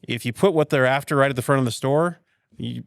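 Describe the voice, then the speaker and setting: A man hosting a podcast, spinning retail stories in an animated way and checking in with a quick "right?" every few lines. His voice is mid-pitched for a man and sits close to the mic in a dry, dead room. It sounds like relaxed, opinionated shop talk. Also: creaky, clear, resonant tone, dry recording. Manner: animated storyteller, rhetorical "right?" asides. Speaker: podcast host and retail veteran. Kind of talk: casual podcast chat.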